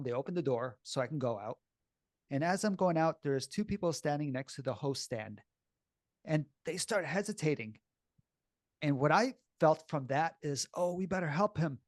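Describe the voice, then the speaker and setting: A man telling a personal story in a blunt, animated, casual way, swearing freely and sounding shaky and upset as he recalls it. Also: on the high side, no room sound, studio quality.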